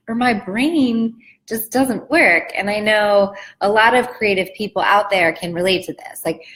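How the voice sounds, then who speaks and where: A woman's voice: mid-range voice, fairly bright tone, rough recording. A woman in her thirties who works as a business coach, telling her own story in a casual, chatty way and saying "like" often. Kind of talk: casual personal talk.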